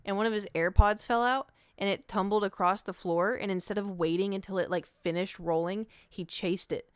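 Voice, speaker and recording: A woman streamer talks in a loose, animated way, rambling from one funny story to the next. Her voice sits at an ordinary middle pitch. The sound is close and dry, with almost no room around it. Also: moderate pace, smooth, no room sound. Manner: chatty and animated, jumping between stories. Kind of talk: casual chat.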